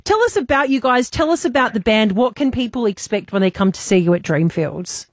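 A woman's voice: on the high side, expressive, fairly quick, dry recording, clean studio sound. A woman co-hosting a radio show in a bubbly, chatty manner. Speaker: radio co-host. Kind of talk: casual radio chat.

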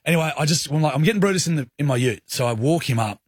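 Animated Australian male radio host. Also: on the high side, very fast, breathy edge, no echo, studio quality. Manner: animated storyteller, acts out his own lines. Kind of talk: radio breakfast-show banter. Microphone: studio microphone.

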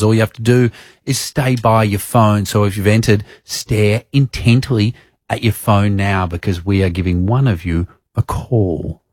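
A man's voice: mid-range voice, no echo, clean studio sound. Upbeat Australian radio host man. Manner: jokey, upbeat banter. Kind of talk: breakfast radio prize call. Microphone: studio microphone.

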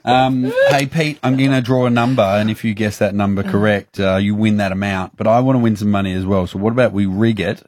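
A man's voice: on the low side, steady tone, fairly quick, few pauses, a little mellow, no echo, clean studio sound. An Australian man hosting a radio game segment, upbeat and teasing with callers in playful banter. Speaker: radio host. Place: radio studio. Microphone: studio mic.

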